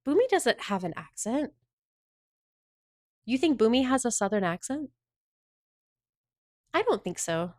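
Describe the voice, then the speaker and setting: A woman's voice: on the high side, big pitch swings, measured pace, pauses often, a little mellow, no room sound, clean studio sound. A woman in her thirties streaming live, chatting playfully with her viewers and swearing casually.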